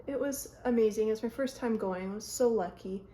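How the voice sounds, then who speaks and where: A woman's voice: fairly high pitch, brisk, warm tone. Chatty young woman doing a makeup vlog. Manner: chatty, rambling, self-interrupting. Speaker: beauty vlogger. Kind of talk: casual makeup tutorial chat. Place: home, by a mirror. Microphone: phone camera.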